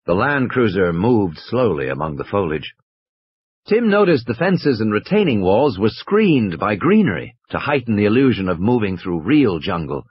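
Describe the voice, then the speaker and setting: Husky man reading a novel aloud. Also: moderate pace, no room sound, lo-fi sound. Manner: lively, with big pitch swings for quoted speech. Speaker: audiobook reader. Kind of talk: amateur audiobook narration.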